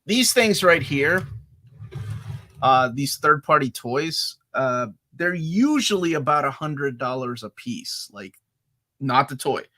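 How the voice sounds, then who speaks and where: Bright, excitable man in his forties. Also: mid-range voice, slow pace. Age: 40s. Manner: excitable, acts out his own reactions. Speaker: podcast host. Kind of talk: casual chat.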